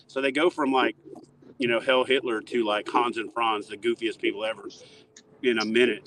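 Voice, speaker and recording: A man's voice: mid-range voice, fast talker, a little hiss or hum, rough recording. Rambling man telling stories outdoors. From Toledo Bend area, southern US. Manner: animated, rambling, joking. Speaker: interview guest. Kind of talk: casual storytelling. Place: outdoors near a dock.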